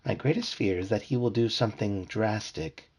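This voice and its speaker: A man reading aloud and voicing a tiny female alien who speaks in a formal, measured way. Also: on the low side, a little mellow, husky. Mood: worried.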